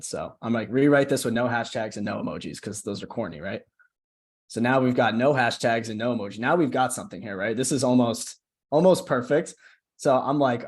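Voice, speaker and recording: A man coaching a group over a video call, his voice sitting at an ordinary middle pitch. He keeps things loose and chatty, tossing in "right?" again and again and restarting half-finished phrases as he walks through his screen. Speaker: marketing coach. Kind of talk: casual screen-share tutorial.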